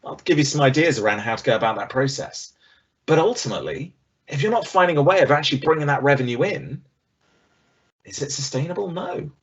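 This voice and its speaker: A middle-aged man giving an online business presentation over a video call, conversational and lively, acting out the voices he quotes. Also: on the high side, fairly quick, breathy edge, dull audio.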